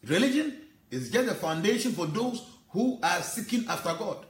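A man's voice: sits high, sing-song, moderate pace, roomy sound. A man preaching an earnest, emotional sermon, reciting Sanskrit verses and explaining them. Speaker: spiritual teacher.

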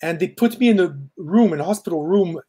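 A man's voice: high voice, brisk, dark tone. Man telling a personal story, earnest. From Quebec, Canada. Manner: earnest, detailed storytelling with fillers and restarts. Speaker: film director guest. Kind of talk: interview storytelling.

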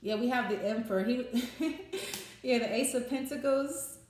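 A woman's voice: on the high side, normal speed, darkish tone, echoey room, slight background noise. A woman giving a casual tarot reading, talking freely, swearing and restarting her phrases. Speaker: tarot reader.

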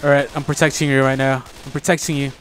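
A young man hosting a gaming channel, chatting casually and reacting excitedly while playing a co-op game with a friend. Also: mid-range voice. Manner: excitable, joking, quick reactions. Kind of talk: casual co-op gameplay chat.

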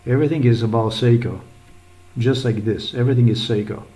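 A man talks through a screen recording in a rambling, agitated way. His pitch sits in the middle range, and he repeats words and curses often as he goes. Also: a little fast, mellow, poor audio. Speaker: vlogger.

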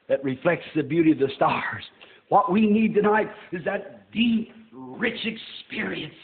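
An older man preaching a sermon in a church, folksy and rising to shouts. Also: high voice. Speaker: pastor. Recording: tinny roomy old sermon tape.

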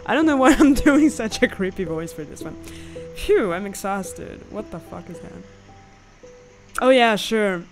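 A woman's voice: mid-range voice, expressive, unhurried, soft background music. A woman hosting a horror gameplay video, joking and swearing as she yelps at scares. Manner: jokey, swears and yelps when startled.

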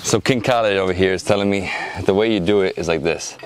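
Excited man vlogging outdoors. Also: low voice, fast talker, a crowd in the background. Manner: excited, exclaiming and gasping. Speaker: travel vlogger. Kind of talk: casual travel vlog narration. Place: outdoors at a camel farm.

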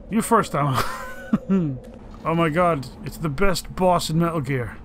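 A man's voice: fairly high pitch, a little slow, background noise. A man doing let's play commentary, swearing and mock-dramatically teasing the game's characters.

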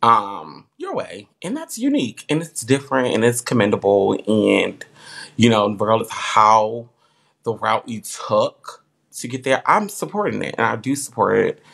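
Man hosting a live chat, low-ish voice, earnest and meandering. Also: big pitch swings, moderate pace, vocal fry, fairly bright tone. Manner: heartfelt, rambling with many "like" fillers. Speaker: live stream host. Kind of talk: casual live-stream chat.

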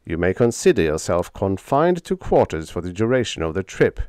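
A man's voice: low-pitched, big pitch swings, normal speed, darkish tone, no room sound, clean studio sound. A man voicing a stern, grave male inspecting captain who speaks in a commanding way in a storybook reading.

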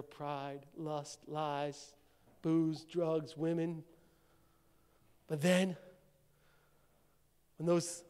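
A male pastor preaching a sermon, swinging from shouted declarations to hushed, low passages. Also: clear, resonant tone. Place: church sanctuary. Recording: long church-hall reverb.

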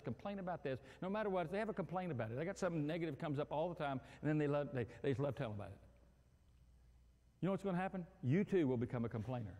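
Animated preacher man in an echoing hall. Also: a little high. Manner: animated, acts out quarrels and phone calls with humor. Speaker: pastor. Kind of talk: sermon.

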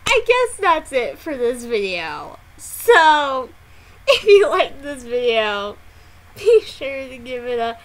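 A woman hosting a casual music reaction vlog, excitable and given to loud, dramatic exclamations and frequent swearing. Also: high-pitched.

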